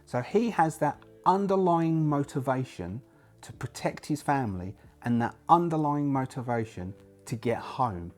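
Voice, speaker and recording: Lively rambling man, channel host. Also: mid-range voice, measured pace, soft background music. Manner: rambling, self-correcting, lively. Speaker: solo roleplaying channel host. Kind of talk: casual talk to camera.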